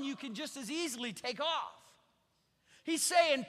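A man's voice: very high voice, lively intonation, measured pace, bright, forceful tone. A man, a pastor, preaching a sermon in a conversational style and pushing hard on key words. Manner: conversational preaching with emphatic rising stresses. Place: church sanctuary. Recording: church hall reverb.

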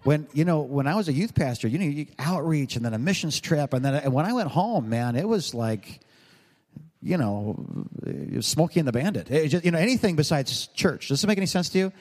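A middle-aged man preaching to a congregation, his fairly high voice carrying a long reverb around a big church hall. He talks loosely and jokily, drifting into asides and teasing the room between his points. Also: sing-song, fairly quick, darkish tone. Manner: conversational, joking, rambling preaching with asides to the congregation. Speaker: pastor. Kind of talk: sermon.

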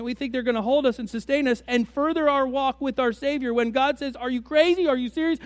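A male pastor with a high-pitched voice preaches in a conversational style, throwing rhetorical question after question at his congregation. The sound is dry and close, with almost no room echo. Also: darkish tone. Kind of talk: sermon.

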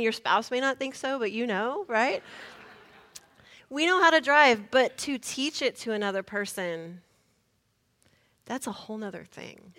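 A woman preacher, telling a lively story in a sermon and shouting the lines she retells. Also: mid-range voice.

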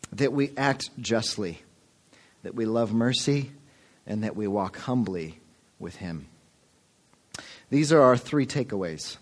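A pastor preaches a sermon in an earnest manner, addressing the congregation as folks. His voice is on the low side and a little mellow.

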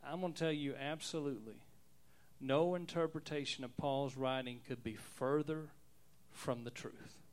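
A man preaching an expository sermon as pastor, stressing words and repeating them, growing fervent and loud. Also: medium pitch, normal speed. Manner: builds from calm teaching to fervent, near-shouting preaching.

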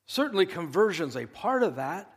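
A male pastor preaching a sermon in an earnest, emphatic way, slowing down to stress key phrases. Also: sits high, big pitch swings, breathy edge, in a large hall.

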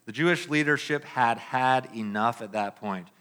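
A man preaching a sermon, reading scripture emphatically and then dropping into quiet, conversational asides. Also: medium pitch, moderate pace, smooth. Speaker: pastor.

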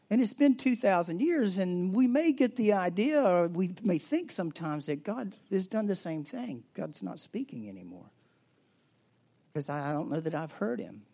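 Pastor guy giving a sermon, kinda high voice, chatty, goes loud then whispery. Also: very animated, moderate pace, creaky. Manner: conversational, shifts between loud emphasis and near-whisper.

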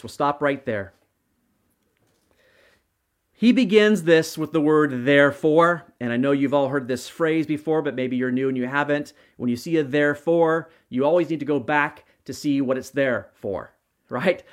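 A middle-aged man preaches a sermon with a slightly high voice. He talks earnestly, restarts phrases and checks in with the congregation by asking "right?" again and again. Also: normal speed. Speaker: pastor.

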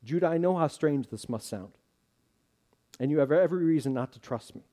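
A man voicing a humble, repentant tax collector who speaks earnestly and gently in a story reading. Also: a little high, lively intonation, fairly quick, natural voice. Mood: contrite.

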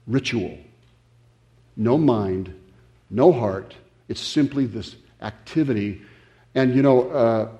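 Halting, conversational male preacher, mellow tone. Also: mid-range voice, lo-fi sound. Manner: conversational, halting with many restarts and fillers. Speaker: pastor. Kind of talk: sermon.

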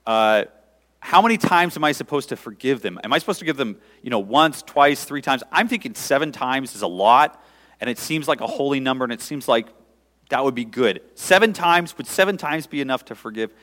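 A man's voice: medium pitch, animated, fairly quick, fairly bright tone, big-room sound, lightly acted. A man voicing an earnest male disciple who asks rambling questions, in a sermon.

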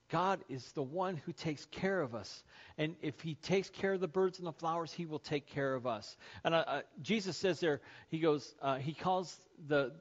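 A man's voice: mid-range voice, lo-fi sound. A man preaching a sermon as pastor to his congregation, conversational and joking with them. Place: church sanctuary.

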